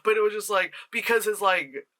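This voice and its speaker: A movie reviewer from the New York tri-state area talking through a film in a rambling, profane, casual way, slipping into quick mock voices of the characters. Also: mid-range voice, pushed and bright.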